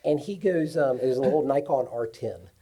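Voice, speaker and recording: A man on a cinematography panel, telling lively stories from his career at a live festival event. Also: medium pitch, fairly quick, breathy edge. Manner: animated storyteller. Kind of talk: anecdotal panel talk.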